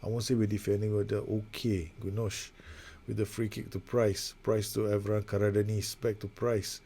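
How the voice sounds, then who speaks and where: Brief: male gaming host, lowish voice, chatty and self-deprecating, calls every pass in a sim match. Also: little pitch movement, moderate pace, gravelly, warm tone, husky. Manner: rambling, self-mocking, narrates passes play by play. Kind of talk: casual live commentary over a football management game.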